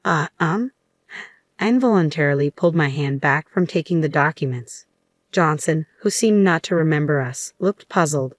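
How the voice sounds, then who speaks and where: A woman with a very low voice reads a story aloud at an even, steady pace. The sound is dry and close, with no room around it. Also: normal speed, dry recording. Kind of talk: scripted story narration.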